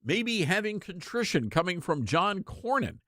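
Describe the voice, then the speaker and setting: A man's voice: high-pitched, sing-song, unhurried, sharp tone, no echo. A man hosting a talk radio show, giving opinionated political commentary with emphatic repetition into a studio mic. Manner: emphatic, repeats lines for effect.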